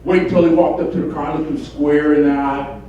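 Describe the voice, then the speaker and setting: A man works the crowd in a stand-up set, pumped up and repeating his lines to the audience, his voice a little high. He is recorded from far off in a very echoey club, and the sound is dull. Steady background noise runs underneath. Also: brisk. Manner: hyped, repetitive call-outs to the crowd. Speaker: stand-up comedian. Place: comedy club stage.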